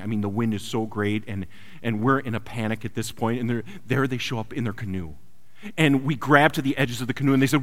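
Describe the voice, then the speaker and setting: Man preaching in a reverberant hall. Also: fairly low pitch. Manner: swings from loud urgent peaks to quiet hushed lines. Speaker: pastor. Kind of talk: sermon with personal story.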